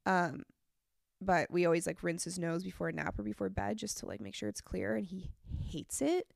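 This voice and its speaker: A young woman talks in a loose, rambling podcast style. Her voice sounds congested and has a gravelly fry. The sound is close and dry. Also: on the low side, normal speed, no echo. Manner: chatty, rambling storytelling. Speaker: podcast co-host. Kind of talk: casual chat.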